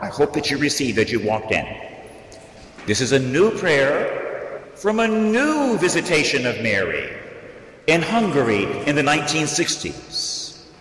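A man preaching as a priest, slow and dramatic, his voice swinging up and down in pitch. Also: wildly swooping pitch, fairly bright tone. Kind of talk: sermon. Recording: echoey hall, voice from the mic at a distance.

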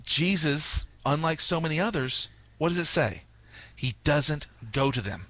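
Animated man explaining scripture on radio. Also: fairly high pitch, unhurried, dry recording. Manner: animated, storytelling, acts out quotes. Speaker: priest, guest commentator.

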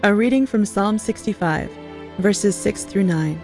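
A woman reading a psalm aloud in a steady, formal way. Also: medium pitch, a little slow, soft background music. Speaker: scripture reader. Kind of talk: scripture reading.

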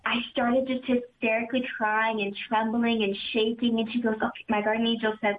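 A young woman giving an earnest personal faith testimony, talking quickly and often saying "super" and "like". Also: fairly high pitch, little pitch movement, slight background noise. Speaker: community member giving testimony. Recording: tinny phone-like sound.

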